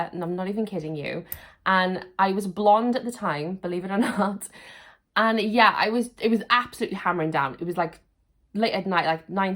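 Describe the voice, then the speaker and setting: Chatty woman in her thirties. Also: medium pitch. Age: 30s. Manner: chatty and self-deprecating, laughing often. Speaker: YouTuber. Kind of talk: casual Q&A vlog.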